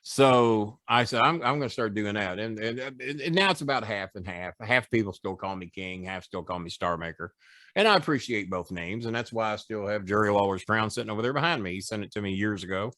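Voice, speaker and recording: A man's voice: lowish voice, brisk, no room sound, clean studio sound. A middle-aged man, a former wrestling manager, telling boastful, profane stories as a podcast guest. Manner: boastful, profane, animated storytelling. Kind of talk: casual storytelling.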